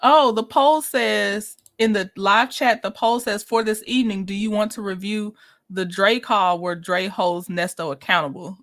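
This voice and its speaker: Bright-voiced chatty woman livestreaming. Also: medium pitch, normal speed. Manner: chatty, greets viewers by name, laughs often. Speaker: livestream host reviewing a reality show. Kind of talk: casual livestream chat.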